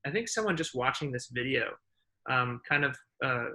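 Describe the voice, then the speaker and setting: A man's voice: mid-range voice, expressive, normal speed, pushed and bright. A man who is a podcast guest, speaking casually and hesitantly, searching for words with many restarts. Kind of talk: casual conversation.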